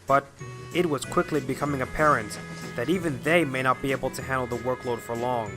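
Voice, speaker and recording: A man narrating a scripted storybook tale in a brisk, even manner. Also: medium pitch, over music.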